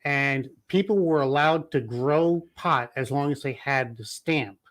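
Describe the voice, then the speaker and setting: Deadpan punning male co-host. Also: medium pitch, measured pace. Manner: dry, punning, deadpan joker. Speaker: regular co-host. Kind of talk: casual talk show chat.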